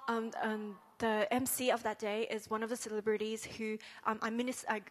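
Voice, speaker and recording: A woman interpreting a sermon into English line by line, halting, with many fillers and self-corrections. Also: fairly high pitch, flat delivery.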